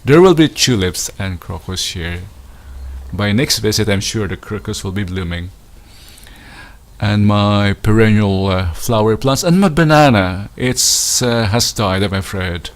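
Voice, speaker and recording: Slow-talking man on a garden tour. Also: fairly low pitch, animated. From Philippines. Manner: unhurried, hesitant with many fillers and restarts. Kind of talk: casual walking tour narration. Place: outdoors in a winter garden.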